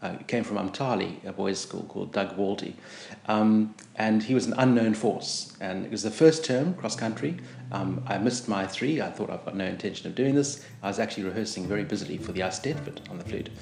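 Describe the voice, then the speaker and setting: A man's voice: on the low side, a little fast, creaky, darkish tone. A middle-aged man from Rhodesia telling stories of his youth, hesitant with many ums, wry and self-deprecating. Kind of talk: reflective personal storytelling. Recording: echoey room with faint music.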